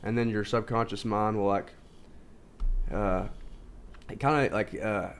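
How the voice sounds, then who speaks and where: Rambling low-voiced man, filler-heavy. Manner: rambling, many fillers and restarts; informal, says "like" constantly. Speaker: video host. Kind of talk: casual self-help monologue.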